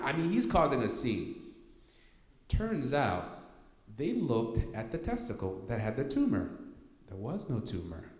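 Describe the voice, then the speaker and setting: A man giving a workshop talk to an audience, telling a personal story with lively energy and often asking "okay?" to keep the room with him. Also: on the low side, unhurried. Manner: animated, repeats "okay?" to check in with listeners. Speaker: workshop speaker. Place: church hall. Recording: echoey hall with long reverb.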